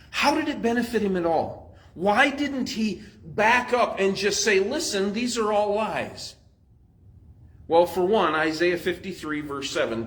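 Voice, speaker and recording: A man's voice: fairly high pitch, fairly bright tone, rough recording. A man pastor, teaching a Bible study in a conversational, explanatory way with frequent fillers.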